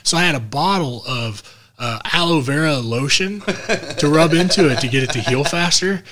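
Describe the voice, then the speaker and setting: Over a noisy crowd, a podcast co-host with a voice on the high side speaks at normal speed. He tells a funny story in casual, profane chat, animated throughout and acting out the voices of the people in it.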